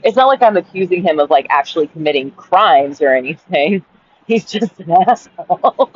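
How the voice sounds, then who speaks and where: A woman's voice: on the low side, breathy edge, dry recording, lo-fi sound. A woman and caregiver reading her journal aloud and ranting in a blunt, profane, exasperated way.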